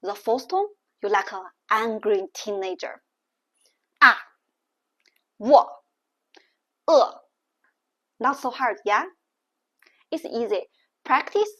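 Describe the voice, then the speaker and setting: A woman teaching Mandarin tones in a language lesson, explaining slowly and deliberately. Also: a little high, lively intonation, a bit bright. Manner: slow, deliberate explaining with exaggerated tone demonstrations.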